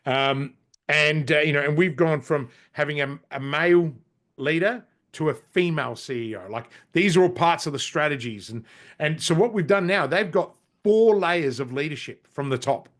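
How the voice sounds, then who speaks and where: A middle-aged man with an Australian accent talks in a slightly high voice. He sounds casual and blunt, swears without holding back, and often breaks off and restarts his sentences. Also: moderate pace, a bit bright. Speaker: podcast guest, business strategist. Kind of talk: casual interview storytelling.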